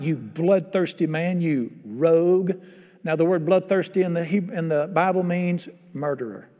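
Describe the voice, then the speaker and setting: Male pastor, sermon, higher voice, talks with the congregation and asks them questions, reverb-heavy room. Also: darkish tone. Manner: conversational, quizzes the congregation.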